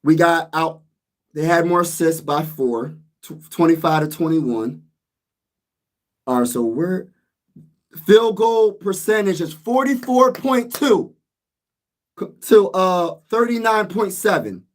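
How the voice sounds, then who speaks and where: A man's voice: high voice, animated, takes it slowly, long pauses. Man sports vlogger, exasperated rant. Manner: venting, exasperated, repeats himself.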